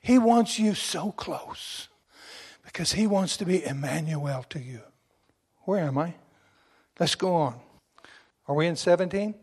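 A middle-aged man preaching a sermon, exuberant and emphatic, at times bursting into shouts. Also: on the high side, animated, measured pace, long pauses, breathy edge.

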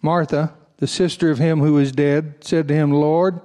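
Man, pastor, sermon, scripture reading, folksy asides, somewhat high voice. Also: little pitch movement, moderate pace, dark tone. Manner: reads scripture aloud, breaking off for folksy asides to the congregation; raises his voice for emphatic passages.

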